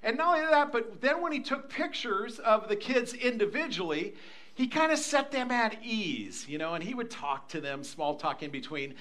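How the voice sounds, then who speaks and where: Animated, high-voiced older male preacher. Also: normal speed. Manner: animated, acts out voices in anecdotes. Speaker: pastor. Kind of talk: sermon with storytelling.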